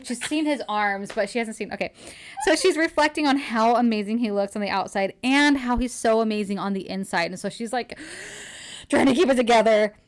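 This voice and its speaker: Woman, fairly high voice, chatty book recap, gushes and acts out quoted lines. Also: fairly quick. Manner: gushing, retells scenes with quoted dialogue. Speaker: book reviewer. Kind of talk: casual book recap chat.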